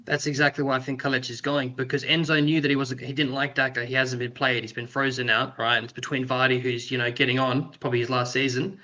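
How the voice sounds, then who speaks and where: A man's voice: mid-range voice, little pitch movement, fast, hardly any pauses, pushed and bright, dull audio. A man joining by video call as a guest pundit, giving a matter-of-fact view in casual football chat.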